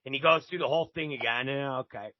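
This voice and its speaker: A man's voice: medium pitch, fast, dry recording, highs cut off. A man guest telling a story casually and animatedly, swearing freely and acting out other people's lines. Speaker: podcast guest.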